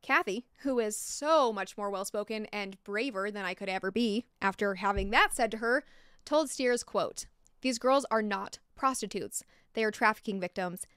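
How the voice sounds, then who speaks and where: Woman podcaster, true crime narration, blunt and passionate, fairly high voice, smooth, dry sound. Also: fairly bright tone, dry recording. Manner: passionate, blunt, swears when angry. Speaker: podcast host.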